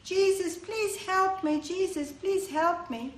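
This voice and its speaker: A desperate blind man cries out again and again for help, his voice pushed high and strained. A woman acts him out in a children's story. The sound rings in a roomy hall with a faint hum. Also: slow, distant mic. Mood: pleading. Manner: pleading, raised and insistent.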